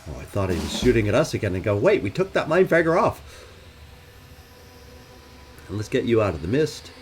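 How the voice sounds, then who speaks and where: A man's voice: lowish voice, very animated, brisk, slight background noise. A man hosting a let's play, talking through his tactical moves aloud with wry, self-questioning asides. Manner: thinking aloud while planning moves. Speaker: gaming channel host.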